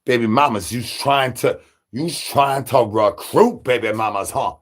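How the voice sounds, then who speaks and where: A man's voice: mid-range voice, unhurried. A man delivering absurd comedy, rambling through nonsense with rhyming wordplay and stutters. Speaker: comedy channel creator.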